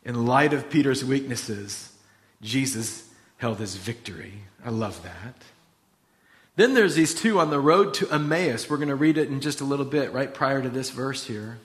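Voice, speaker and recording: A man preaching, reading scripture aloud and then retelling the story in a casual, animated way. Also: mid-range voice, moderate pace. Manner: animated storytelling, retelling scenes in quoted voices. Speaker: pastor.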